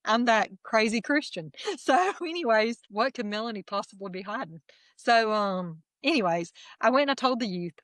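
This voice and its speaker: A middle-aged woman, candidly telling her personal testimony as a guest in a lively, self-deprecating way. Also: on the high side, normal speed, no echo.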